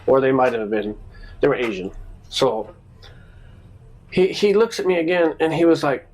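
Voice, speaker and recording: A podcast co-host with a mid-range voice tells stories at normal speed in a casual chat, animatedly acting out the people and their quoted exchanges. The recording quality is low.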